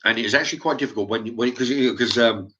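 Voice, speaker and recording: A middle-aged man with a clear English accent rambles on to his viewers. He stumbles, restarts and repeats words as he goes. His mid-pitched voice comes through a dull, lo-fi home microphone. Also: rapid-fire, bright, forceful tone, slight background noise. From England. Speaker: YouTube channel host. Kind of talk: rambling casual monologue to viewers.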